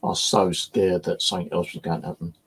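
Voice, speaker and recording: Talking fast and flat, a man from England rambles through his own story, full of "you know" and cursing. The paranormal investigator and channel host has a low, gravelly, husky voice with a slightly rough edge and a fairly bright tone.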